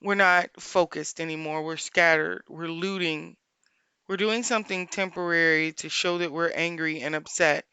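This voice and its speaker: A woman life coach hosting a solo podcast, speaking earnestly and repeating her points for emphasis, pausing often to think aloud. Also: lowish voice, steady tone, pushed and bright, smooth, dry recording.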